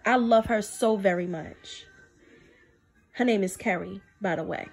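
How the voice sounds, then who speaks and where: A woman's voice: a little slow, gravelly, slightly rough. A woman giving a spiritual testimony to camera in an emphatic way, repeating phrases for stress. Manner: drops low and soft to quote God. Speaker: faith video speaker.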